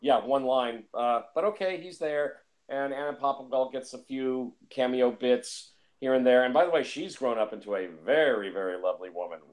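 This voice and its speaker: A film reviewer with a mid-range voice talks casually about films at a normal speed, rambling, repeating himself, and using lots of fillers.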